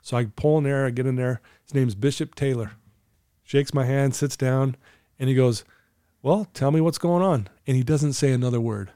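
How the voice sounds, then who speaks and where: Earnest man telling a story, dark tone. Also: mid-range voice, moderate pace, clean tone, no echo, clean studio sound. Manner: earnest, acts out quoted dialogue. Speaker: guest telling his story. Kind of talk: casual storytelling conversation.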